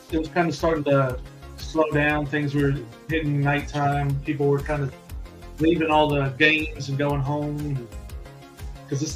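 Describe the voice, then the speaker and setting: A man running a tabletop game as game master, recapping and describing the setting in a loose, meandering way. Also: a little high.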